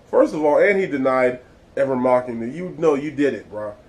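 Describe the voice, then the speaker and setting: A man's voice: medium pitch, animated, a little fast, darkish tone, poor audio. A man hosting his own vlog, giving blunt, exasperated and profane commentary. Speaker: vlog host. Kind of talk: casual ranting commentary.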